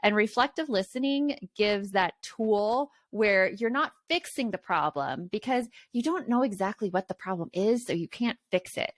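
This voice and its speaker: A woman's voice: medium pitch, expressive, moderate pace, hardly any pauses, dry recording. A woman co-hosting a parenting podcast, talking earnestly in casual chat and laughing easily. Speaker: podcast co-host.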